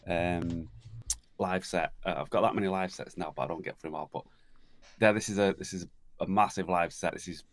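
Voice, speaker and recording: A man's voice: low voice, fairly even intonation, brisk. A man who is a musician and podcast guest, talking hesitantly with many fillers and laughing easily. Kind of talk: casual chat.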